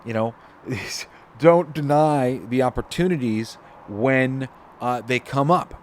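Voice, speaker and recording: A man's voice: medium pitch, slow pace, a little hiss or hum. A man hosting a podcast, talking casually about spirituality with rambling, self-deprecating asides and frequent restarts. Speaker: podcast host.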